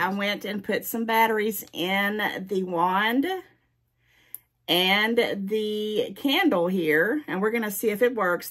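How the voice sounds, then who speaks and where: A woman's voice: mid-range voice, fairly bright tone. A woman with a Southern US accent, gushing and repeating her thanks while opening gifts in a casual home vlog. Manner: gushing, effusive, repeating herself. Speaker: YouTube host opening gifts. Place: at home in daylight.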